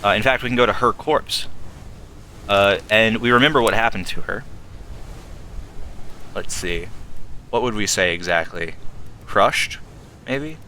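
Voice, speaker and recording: A man's voice: on the low side, unhurried, pauses often, sharp tone, a little hiss or hum. A man playing a game and thinking aloud in casual commentary, working through clues step by step. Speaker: let's play host. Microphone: desktop streaming mic with filters.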